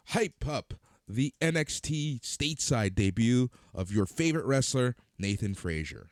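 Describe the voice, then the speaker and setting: A man co-hosts a podcast reviewing wrestling, chatting casually and throwing out teasing, sardonic jabs. His lowish voice swings widely in pitch and he takes his time. The studio sound is clean, with no echo.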